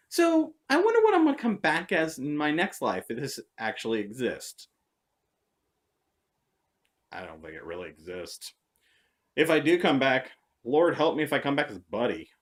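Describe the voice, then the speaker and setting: A woman telling stories in a casual vlog monologue, sarcastic and animated. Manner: animated, sarcastic, jumps between high and low tones. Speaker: vlogger.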